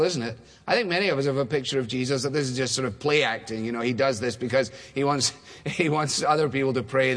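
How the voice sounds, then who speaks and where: A man preaching a conversational sermon, now and then acting out the voices of people in the story. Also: mid-range voice. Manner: conversational, acts out dialogue voices. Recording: long hall reverb.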